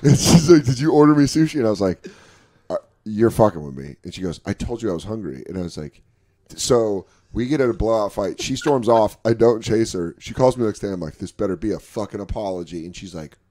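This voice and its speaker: A man on a podcast, telling stories in a casual, animated way, acting out both sides of conversations and swearing often. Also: fairly low pitch, fast. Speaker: podcast guest comedian. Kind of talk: casual storytelling chat.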